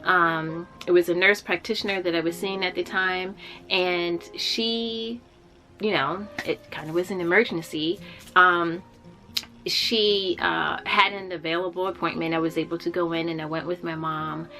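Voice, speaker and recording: Bright-voiced young woman telling a story. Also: fairly low pitch, fairly even intonation, unhurried, faint music behind. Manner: candid and heartfelt, with frequent fillers and restarts. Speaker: vlogger sharing a personal story. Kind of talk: casual personal storytelling.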